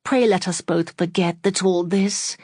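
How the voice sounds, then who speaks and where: Earnest young lady, read by a woman, gentle and formal, low voice, dry sound. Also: fairly even intonation, a little slow, no room sound.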